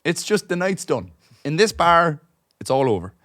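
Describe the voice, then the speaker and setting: A young Irish man co-hosting a podcast, telling a profane, animated story full of asides. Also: a little high, moderate pace, no echo, studio quality. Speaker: podcast co-host. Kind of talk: casual storytelling chat. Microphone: podcast studio microphone.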